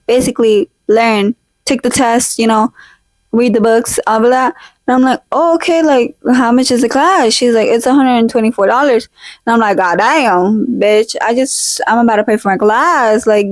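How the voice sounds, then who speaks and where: Chatty high-voiced young woman storyteller. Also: no echo. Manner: chatty, slangy, mixes in Spanish phrases. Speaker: podcast vlog host. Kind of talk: casual storytelling chat. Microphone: handheld or desk mic, drifts off it. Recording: poor home recording.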